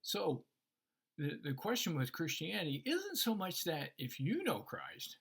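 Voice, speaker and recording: A man's voice: a little high, measured pace, gravelly, breathy edge. A man in a casual faith discussion, explaining Christian ideas and acting out the voices in his stories. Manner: animated storyteller, acts out voices in anecdotes. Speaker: Christian teacher.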